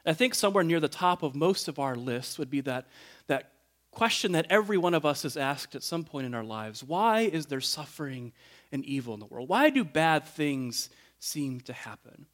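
A male pastor delivers a sermon in an earnest, reflective way, with a voice that sits a little higher than most men's. His phrases tend to rise, then fade off quietly at the ends. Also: very animated, moderate pace. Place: church sanctuary.

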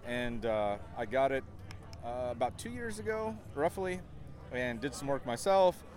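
A man being interviewed outdoors at a motorcycle meetup, talking in a relaxed, chatty way with easygoing swearing. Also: mid-range voice, unhurried. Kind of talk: casual interview.

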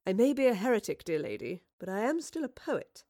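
A woman's voice: mid-range voice, sing-song, brisk, dark tone, dry recording. Woman doing a roguish poet-spy man, wry, theatrical, audiobook, dry close sound. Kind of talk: audiobook character reading.

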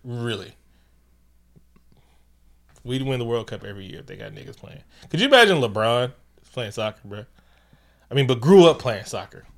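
A man with a mid-range voice talking through a film recap with a friend. He talks in animated, profane bursts and jumps into the characters' lines. His pitch and loudness swing a lot from line to line. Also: normal speed, creaky, long pauses. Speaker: podcast co-host. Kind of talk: casual movie recap chat.

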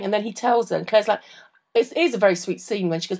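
A woman's voice: mid-range voice, quick pace, darkish tone. A woman recapping a TV episode in casual chat, rambling and tired late at night. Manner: rambling, self-interrupting storyteller. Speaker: podcast co-host.

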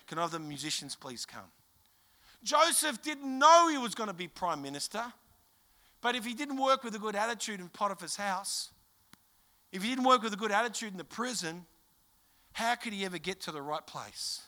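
A middle-aged Australian man preaching a sermon, telling a personal story in an animated, emphatic way. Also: high voice, moderate pace. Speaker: pastor.

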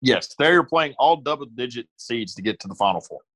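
A man's voice: medium pitch, animated, brisk, fairly bright tone. A man co-hosting a casual sports podcast, talking in a dry, matter-of-fact way. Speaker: podcast co-host.

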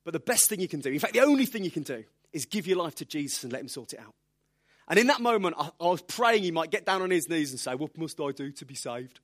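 A man preaching a sermon, telling lively stories with self-deprecating humor. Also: fairly high pitch, fast talker.

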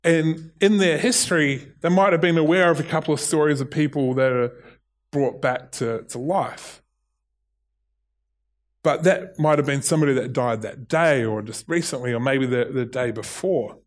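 A man's voice: mid-range voice, moderate pace. A middle-aged man with a New Zealand accent preaching a sermon, earnest, often restarting and repeating his words. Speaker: pastor.

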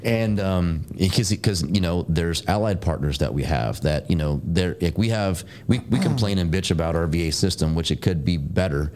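Middle-aged male guest with a very low voice, casual rambling storyteller, peppers talk with fillers and curses. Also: normal speed, hardly any pauses, darkish tone. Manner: rambling, many fillers and tags, swears, laughs often. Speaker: guest, military veteran.

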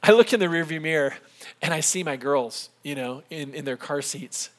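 A middle-aged man preaches a sermon in a fairly high voice, telling a story from his own life. He acts out the people in it with lively changes of voice. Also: normal speed. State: a little emotional. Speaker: pastor.

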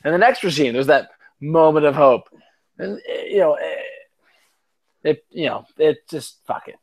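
A man's voice: on the high side, lively intonation, moderate pace, pauses often. A tipsy man co-hosting a sports chat, rambling, profane, full of stammered restarts. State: tipsy from drinking. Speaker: podcast co-host.

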